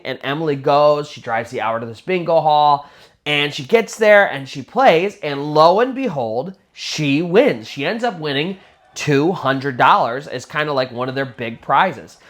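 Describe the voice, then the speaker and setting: A man's voice: a little high, fairly bright tone. A man telling a spooky true story in a casual, conversational way, full of little fillers. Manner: conversational, many fillers like "kind of" and "sort of".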